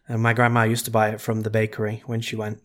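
A man co-hosting a podcast, chatting in a relaxed, joking way. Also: on the low side, quick pace. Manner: relaxed, jokey, hesitant fillers. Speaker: podcast co-host. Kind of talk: casual chat.

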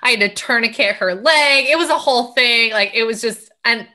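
A woman's voice: on the high side, a little fast. A woman in her thirties co-hosting a podcast, chatting casually and reacting with short asides as she tells her own story. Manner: warm reactive listener, fills in with short asides. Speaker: podcast co-host. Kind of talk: casual chat.

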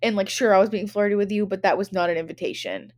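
A young woman co-hosts a casual podcast and spins a chaotic story. She talks loosely and swears often, and she slips into quick impressions of the people in it. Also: medium pitch. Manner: animated, profane storytelling with acted-out quotes. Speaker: podcast co-host.

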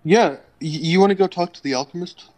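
A man's voice: high voice, fairly quick, darkish tone. Casual man narrating as game master. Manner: casual, loose, filler-heavy narration. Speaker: dungeon master.

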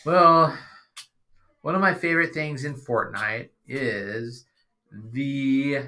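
Middle-aged dad, casual chat, bright and forward tone, halting, dry humor. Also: male voice, mid-range voice. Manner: rambling, hesitant, dry sarcasm. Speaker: podcast guest, father.

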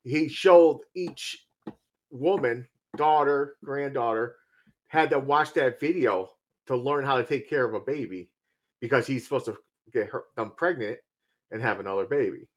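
A man's voice: medium pitch, moderate pace. A man in casual conversation, bluntly and profanely retelling scenes from a film. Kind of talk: casual movie review chat.

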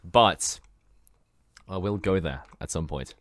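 A man's voice: low-pitched, takes it slowly, dry recording. A man co-hosting a podcast in casual, joking chat, laughing often and swearing freely. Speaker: podcast co-host.

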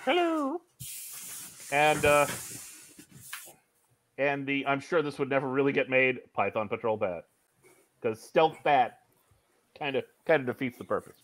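A man's voice: medium pitch, steady tone, moderate pace, long pauses, fairly bright tone. A middle-aged man in casual chat, showing his collection with dry self-deprecating humor.

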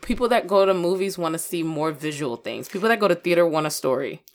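Woman co-host, low-leaning voice, punchy opinionated reactions in loose conversation. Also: expressive, quick pace. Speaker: podcast co-host. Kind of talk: casual chat reviewing a film.

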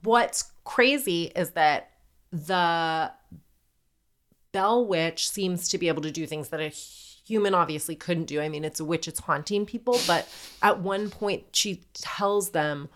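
A woman's voice: lowish voice, a little slow, a bit bright. A young adult woman hosting a podcast, telling a story in a casual, jokey way, heavy on fillers and swearing. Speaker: podcast co-host.

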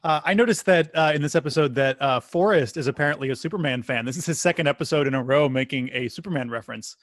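A man's voice: on the high side, fast, dry recording, studio quality. An American man co-hosting a podcast, chatty and self-mocking, laughing often. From United States. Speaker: podcast co-host. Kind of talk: casual chat.

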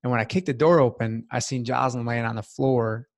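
A man's voice: medium pitch, fairly even intonation, a little fast. A man, a guest in a casual interview, telling a personal story in an earnest, heartfelt way with many fillers. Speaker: podcast guest.

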